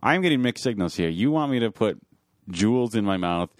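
Comedy podcast co-host, male, deep voice, the bewildered straight man. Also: animated, a little fast, dry recording, clean studio sound. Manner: exasperated and incredulous.

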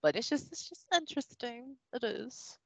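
A woman's voice: on the high side, sing-song, normal speed, no echo. A woman in a casual review chat, rambling, self-correcting and laughing often. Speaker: show reviewer. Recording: dull, dry sound.

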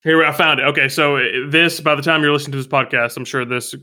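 A man's voice: fairly high pitch, fairly even intonation, fast, bright, forceful tone. A man hosting a podcast in casual chat, with wry, playful banter. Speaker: podcast host.

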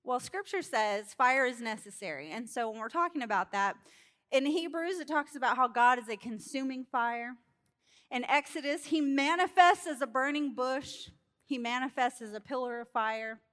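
High-voiced woman preacher, animated storyteller. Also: normal speed. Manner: animated storytelling, acts out characters, laughs. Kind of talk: sermon.

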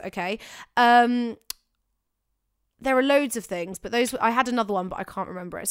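A woman's voice: a little high, clean tone, no room sound, clean studio sound. A young woman co-hosting a casual talk show, giving acting advice in an emphatic, chatty way that often corrects itself. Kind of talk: casual chat.

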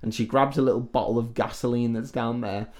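A man co-hosting a podcast, recapping a horror film in casual chat, telling it with animated, swearing gusto. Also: mid-range voice, a little fast. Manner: animated storytelling, swears freely. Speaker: podcast co-host.

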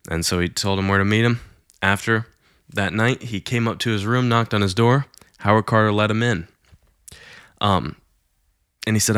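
A man's voice: on the low side, steady tone, normal speed, pauses often, a bit bright, smooth, no room sound, studio quality. A man casually retelling a Christian miracle story in a conversational way, with fillers and quoted lines acted out.

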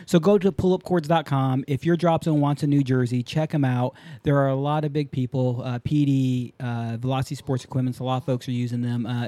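Brief: male podcast host, young adult, mellow and dark tone, dry close sound, loose and chatty. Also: medium pitch, no echo. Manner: rambling, upbeat, restarts often. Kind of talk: casual talk show chat.

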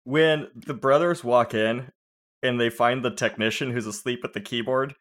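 A man riffing on a casual movie podcast, telling jokey stories with quick put-on voices. His pitch sits in the middle range for a man. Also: fairly even intonation, fairly bright tone. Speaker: podcast co-host.

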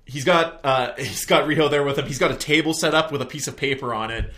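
Young guy hosting a pod, chill sweary wrestling recap, jokey asides, middle-pitched regular voice. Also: fast talker, pushed and bright. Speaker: podcast host. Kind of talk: casual wrestling recap chat.

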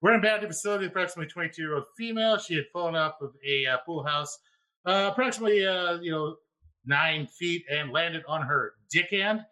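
A man hosting a podcast, telling an EMT story in casual chat, laughing and yelling out the punchlines. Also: fairly high pitch, brisk, poor audio. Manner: animated, laughing, yells quoted lines. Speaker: podcast host; former EMT.

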